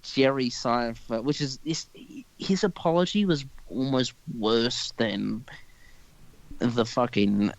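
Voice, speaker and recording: A man's voice: mid-range voice, slow, muffled recording. A young man hosting a casual podcast chat, rambling and profane, often stopping and restarting his thoughts. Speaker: podcast host.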